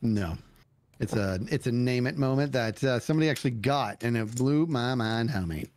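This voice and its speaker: A man's voice: medium pitch, moderate pace, darkish tone. A man in his forties playing a game with a friend, silly and playful, full of singsong sound effects. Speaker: guest co-player. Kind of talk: casual gaming chat.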